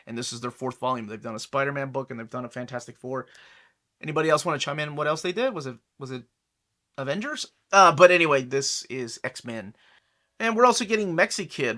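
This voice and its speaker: A man's voice: medium pitch, pushed and bright. A man in his forties with an American accent, casually running down upcoming comic releases with chatty asides and self-corrections. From United States. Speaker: comic book collector host. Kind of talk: casual product rundown.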